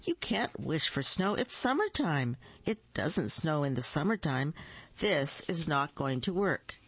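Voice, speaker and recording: A reader plays an exasperated storybook father who sounds stern and matter-of-fact. He speaks slowly, and the recording is dull and a little muffled. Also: medium pitch, big pitch swings, fairly bright tone, breathy edge, dry recording, heavily acted. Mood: scolding. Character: exasperated father, adult man. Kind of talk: reading a picture book aloud.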